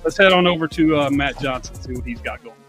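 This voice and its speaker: A man's voice: medium pitch, quick pace, fairly bright tone, faint music behind. A man hosting a podcast, opening the show in an easygoing way with many fillers. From Kentucky. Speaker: podcast host.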